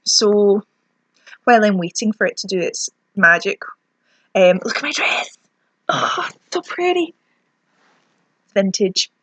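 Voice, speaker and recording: A woman's voice: mid-range voice, a little slow, a bit bright, dry recording. A young Scottish woman ranting chattily through a lip product review, self-mocking as her lips sting. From Scotland. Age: young adult. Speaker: beauty vlogger.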